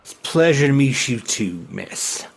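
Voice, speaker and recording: A man's voice: mid-range voice, sing-song, a little slow, creaky, slightly rough, full character voice. A man voicing a folksy, talkative local townsman who rambles and stammers. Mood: chatty.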